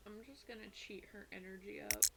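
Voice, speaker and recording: A woman's voice: mid-range voice, fairly even intonation, a little fast, creaky. A woman casually commenting while playing a life-simulation game, rambling and correcting herself as she talks between bites. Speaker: gaming streamer. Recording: loud background noise from game and music.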